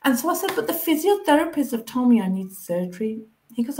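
A woman with a somewhat high voice shares her story as an interview guest. She keeps slipping into the voices of people from her past, animated and expressive. The sound comes over a video call. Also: moderate pace, slight background noise. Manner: animated, acts out past conversations.

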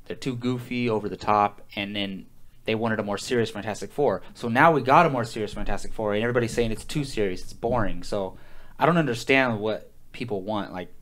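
A man with a lowish voice hosts a casual movie podcast. He talks loosely, with plenty of fillers, and steers the conversation. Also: a little fast, fairly bright tone. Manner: conversational, leads the discussion, fillers. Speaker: podcast host.

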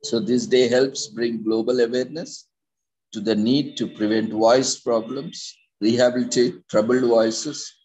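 Man, husky voice, measured reading pace, hesitant fillers, informative talk. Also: medium pitch, a little mellow, poor audio. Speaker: presenter of a daily topic segment.

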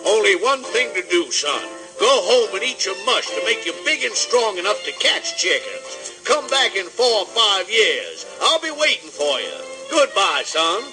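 An actor playing a boastful, folksy rooster who repeats himself, in 1950s children's record acting with music behind. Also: male voice, high voice, very animated, unhurried. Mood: flustered. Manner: drawling, self-satisfied, bossy. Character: blustering big southern rooster, boastful, folksy.

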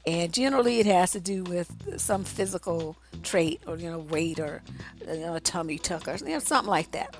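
Against faint background music, a woman relationship coach speaks briskly in an expressive, lowish voice. She offers blunt, profane advice in a conversational monologue aimed straight at her audience.

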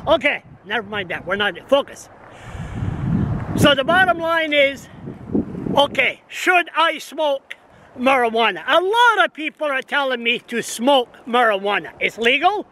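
Standing outdoors on a windy town street with traffic, a man in his sixties, a vlogger, rambles through an agitated, repetitive casual rant to a camera on a stand. His very high-pitched voice is animated and a little slow. Wind and street noise are picked up in the recording.

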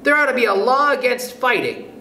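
A man's voice: very high voice, very animated, fairly quick, gravelly, sharp tone, voice pushed up, heavily acted. A man reading a storybook, putting on the voice of a timid young schoolgirl. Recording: echoey room, faint background noise.

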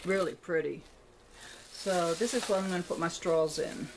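A woman with a somewhat low voice talks casually to a camera set up on a tripod in her home, rambling and thinking aloud as she shows off her shopping haul. The recording carries a steady, clearly audible noise in the background. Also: normal speed. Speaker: vlogger showing a shopping haul. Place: indoors at home, room with a closet.

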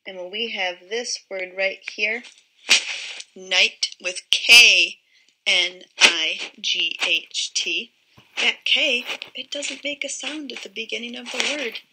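A woman teaches young children a phonics lesson, modelling each word sound slowly and clearly. Her voice is medium in pitch, and the recording is very noisy.

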